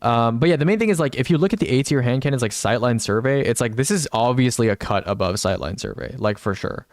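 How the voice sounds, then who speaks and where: A young man streaming, casually thinking out loud as he ranks game gear and answers chat. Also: mid-range voice, animated, quick pace, dry recording, studio quality. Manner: rambling, thinks aloud, reads chat replies. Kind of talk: casual live-stream gaming commentary.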